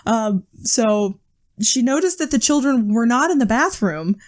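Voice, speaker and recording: Her voice leans high and animated, and she doesn't rush. On a podcast she co-hosts, she recounts creepy stories casually, with lots of swearing and anxious giggles.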